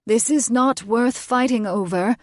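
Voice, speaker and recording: A woman's voice: fairly high pitch, measured pace, dry recording, clean studio sound, voice pushed up, close to an everyday voice. A woman playing a stern older witch grandma. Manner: scolding, crisp and authoritative.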